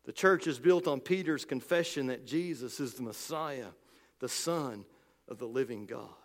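A male pastor preaching a sermon with emphasis, slowing down and dropping low on key phrases. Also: big-room sound.

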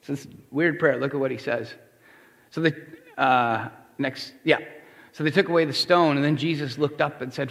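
A man preaching a sermon as pastor, swinging from hushed, quiet lines to loud shouted ones. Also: mid-range voice, fairly even intonation, moderate pace, creaky, long reverb tail.

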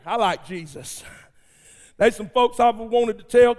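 A man's voice: very high voice, unhurried, pauses often, a little mellow, a faint crowd. A man preaching a sermon in a church, telling the story dramatically and fervently in a colloquial way. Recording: long reverb of a large hall.

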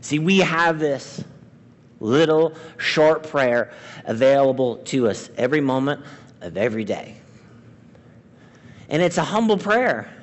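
A man preaching a sermon as pastor, swinging between loud emphatic lines and hushed quiet ones. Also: mid-range voice, lively intonation, unhurried, long pauses. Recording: long reverb of a large hall.

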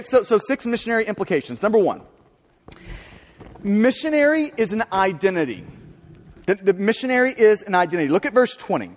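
A man preaching a sermon, earnest and emphatic, often restarting his words as he presses a point. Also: high-pitched. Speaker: pastor. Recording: long hall reverb.

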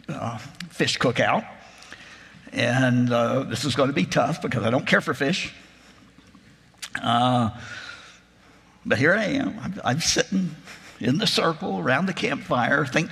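Vocal fry and a breathy edge mark this man's mid-range, pushed, bright voice as he preaches. He reimagines a gospel story in a reflective way, with the long reverb of a large hall around him.

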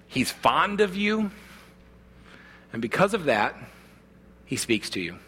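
A man's voice: fairly high pitch, sing-song, takes it slowly, pushed and bright, husky, big-room sound. A man preaching a sermon as a pastor, talking to the congregation in an earnest, conversational way.

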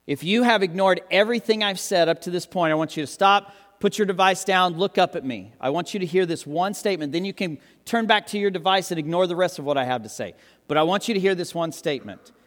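A man in his thirties, a pastor giving a lively, joking sermon and acting out quotes. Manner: animated, joking, acts out quotes with big pitch jumps. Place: church hall with long reverb. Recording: reverberant hall, live sermon.

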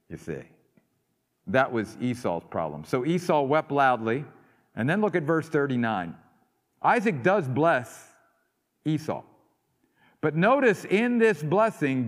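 A man preaching a sermon, rising to loud emphatic peaks and dropping to quiet asides. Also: medium pitch. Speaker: pastor. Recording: long hall reverb.

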